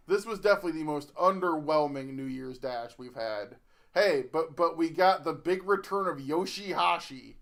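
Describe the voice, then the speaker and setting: A man co-hosting a casual wrestling podcast who rambles, halting and restarting his sentences as he chats. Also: on the high side, fairly bright tone. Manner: rambling, halting, self-interrupting. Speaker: podcast co-host.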